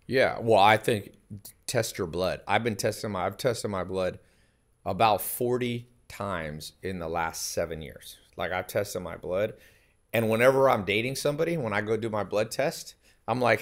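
Emphatic low-voiced man telling stories. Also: moderate pace. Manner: emphatic, anecdotal, laughs often mid-sentence. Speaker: podcast guest. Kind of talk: casual chat.

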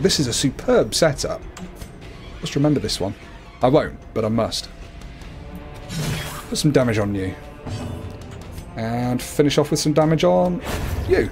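Very animated yet a little slow, with long pauses, a man with a darkish tone casually talks through the game he is livestreaming over soft background music. He is chatty and playful, regularly cooing in a high voice to his cat.

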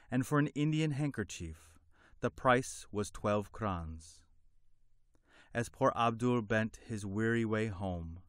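A man narrating a fairy tale in a measured, deliberate storybook reading. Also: medium pitch, dry recording, studio quality.

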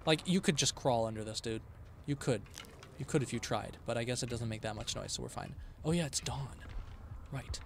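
This streamer's mid-range voice is brisk and gravelly, with a bit of hiss or hum in the recording. Playing a horror game live, he yelps and shouts excitedly at scares, then drops to quiet muttering.

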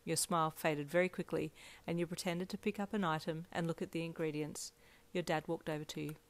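A woman narrating a second-person fanfiction story in a gentle, even storytelling manner. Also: low-pitched, brisk.

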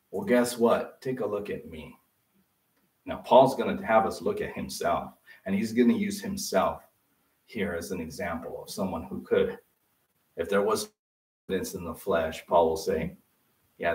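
A man's voice: on the low side, a little slow, far from the mic. A male pastor giving a conversational sermon in a church, acting out the voices he quotes. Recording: echoey room, voice off-mic.

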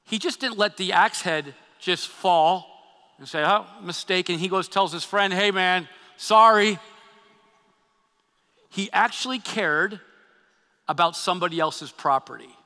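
A man preaching a sermon as pastor, animated and acting out quotes, often repeating his words. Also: sits high, normal speed. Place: church sanctuary. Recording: long hall reverb.

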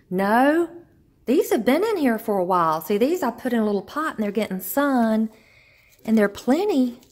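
A woman's voice: fairly high pitch, darkish tone, no echo. A woman giving a casual, chatty phone-video tour of her home and yard, exclaiming over her plants. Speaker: vlogger, home gardener. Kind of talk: casual walk-through vlog. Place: home and yard, indoors and outdoors.

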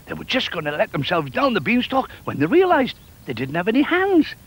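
An older man telling a children's story in an animated, playful way, with sound effects. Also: high-pitched, a little fast, breathy edge, rough recording.

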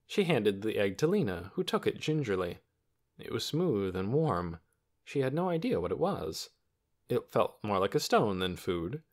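A man's voice: on the low side, very animated, normal speed. A man narrating a children's novel as an audiobook, telling the story expressively.

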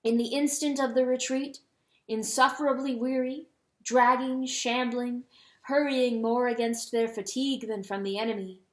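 A woman giving a dramatic reading of a storybook, slowing down on solemn words. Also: on the high side, steady tone. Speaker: audiobook reader. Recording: roomy echo.

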